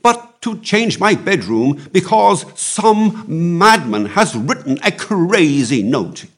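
Guy doing a high, slow, fussy count, old and huffy, storybook voice. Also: sing-song, heavily acted. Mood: indignant. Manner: gesticulating, indignant protests. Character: excitable older French count, indignant and theatrical.

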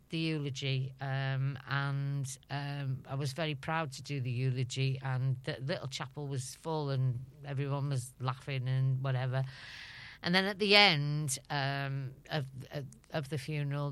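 Her voice is very deep, a bit bright, and clean: a middle-aged woman from Liverpool with a Scouse accent. As an interview guest she tells anecdotes, laughing often and acting out what people said.

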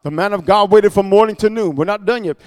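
A man preaching a sermon, chanting the scripture in a sing-song rhythm and breaking off into playful, mocking asides, with many drawn-out "uh" and "amen" fillers. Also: high voice, a little mellow, clear, resonant tone, in a large hall.

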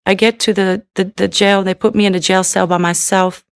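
Tearful woman with a gravelly voice. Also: mid-range voice, level tone, a little fast, dry recording, clean studio sound. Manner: emotional, tearful; repetitive, many "you know"s. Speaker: testimony speaker. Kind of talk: personal testimony.

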